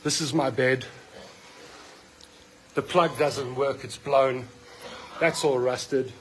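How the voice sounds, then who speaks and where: Holding his phone in a hospital ward, a middle-aged South African patient films a furious rant. His medium-pitched, fairly bright voice is steady in tone and slow, set against heavy reverb with a long tail and slight background noise in a rough recording. He speaks South African English in an indignant, accusing, fired-up way.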